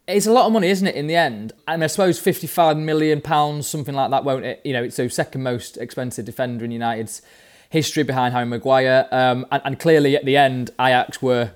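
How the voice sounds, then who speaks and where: A man's voice: mid-range voice, steady tone, quick pace. A man who writes about football, thoughtful and a little hesitant in a podcast discussion. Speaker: football journalist.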